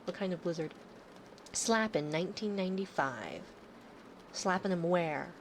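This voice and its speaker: A woman's voice: lowish voice, expressive, unhurried, slight background noise, rough recording. A woman in her thirties chatting casually on a live stream, rambling and sarcastic, swearing freely.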